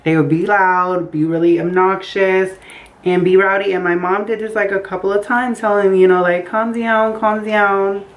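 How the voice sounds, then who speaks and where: Low-voiced woman telling a story. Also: moderate pace, rough recording. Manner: animated, acts out quotes with voices. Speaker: storytime vlogger. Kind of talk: casual storytelling. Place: bedroom by a window.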